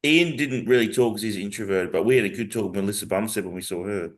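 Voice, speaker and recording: A man talking quickly in a casual podcast chat. He recounts meetings in a chatty way, in a mid-pitched voice. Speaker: podcast co-host, bodybuilder.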